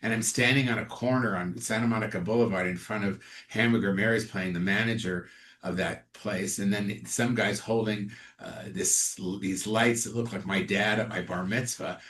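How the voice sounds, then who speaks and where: Man, low voice, interview guest, animated storyteller, plays out other people's lines. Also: moderate pace. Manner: animated, acts out other people's lines when telling stories. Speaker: actor and comedian guest.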